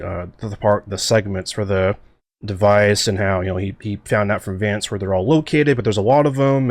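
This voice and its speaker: This man has a low voice and gives casual director commentary with eager, rambling energy, full of "like" and "you know." The sound is dry and close, with no room around it. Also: no room sound. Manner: excitable, rambling with many fillers. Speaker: series creator and co-host.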